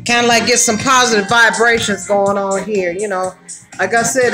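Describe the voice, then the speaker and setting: A woman's voice: a little high, normal speed, music in the background. A woman hosting her own livestream in a casual, upbeat way, greeting viewers by name and using slang. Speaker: livestream host.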